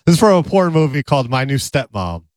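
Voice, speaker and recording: A man's voice: mid-range voice, sing-song, fast, a little mellow, no echo, clean studio sound. A man co-hosting a podcast, chatting casually in an amused, easygoing way. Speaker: podcast co-host. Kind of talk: casual chat.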